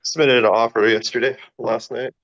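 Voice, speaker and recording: A man's voice: medium pitch, little pitch movement, normal speed, fairly bright tone, highs cut off. A man in casual chat on a team video call, joking in a dry way.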